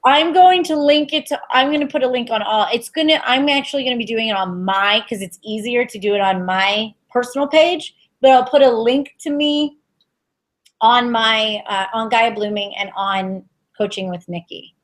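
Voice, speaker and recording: A woman giving an intuitive tarot reading on a web show, soft and halting, with many fillers. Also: fairly high pitch. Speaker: tarot reader.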